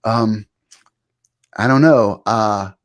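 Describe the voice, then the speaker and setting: A middle-aged man, a guest author, explaining ideas in a thoughtful, wry, measured way. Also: fairly low pitch. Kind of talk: reflective interview talk.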